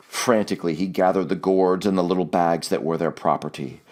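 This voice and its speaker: Deep-voiced male audiobook narrator. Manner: measured, steady storytelling.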